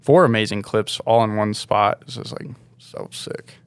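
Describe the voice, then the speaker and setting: Gravelly laid-back young man rambling. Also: lowish voice, steady tone, normal speed, dry recording. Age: young adult. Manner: rambling, laid-back, filler-heavy with "like" and "dude". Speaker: guest snowboarder. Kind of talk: casual podcast storytelling.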